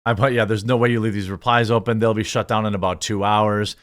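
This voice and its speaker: A man's voice: lowish voice, steady tone, quick pace, a bit bright. A man hosting an online commentary video, reading article excerpts aloud and answering them with mocking, indignant remarks. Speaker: commentary channel host.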